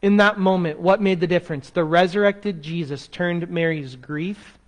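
A man preaching a sermon as pastor, expressive, dropping to a soft slow voice to make a point. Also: high-pitched.

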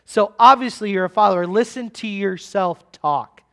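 A man's voice: high voice, normal speed, vocal fry, pushed and bright, exaggerated voice. A man preaching acts out a bystander mocking someone's rural accent in a condescending tone.

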